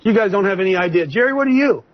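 A man leading a preaching-style group discussion on a video call, addressed as coach, animated and repetitive as he calls on listeners one by one. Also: high voice, racing, a little hiss or hum. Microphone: video call microphone. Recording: muffled video call audio.

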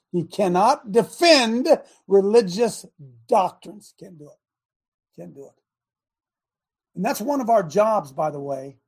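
A man with a high, breathy, husky voice hosts a fiery preaching talk show. He speaks emphatically, pushing into shouts when he drives a point home. He sounds middle-aged.

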